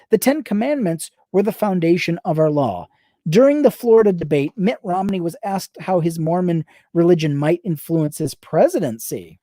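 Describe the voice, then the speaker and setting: Brief: woman reader, low warm voice, dry close sound, fast and sardonic commentary between passages. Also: no echo. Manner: rapid-fire reading with sarcastic asides. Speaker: book reader on a livestream. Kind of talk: reading aloud with live commentary.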